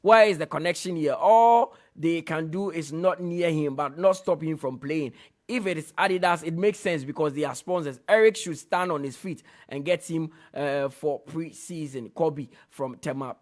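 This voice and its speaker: Ghanaian man reading listener texts on air. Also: moderate pace. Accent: Ghanaian English. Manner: lifts his voice to read each message, then comments in a lower tone. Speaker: sports radio presenter. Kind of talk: reading out listener messages on radio. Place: radio studio.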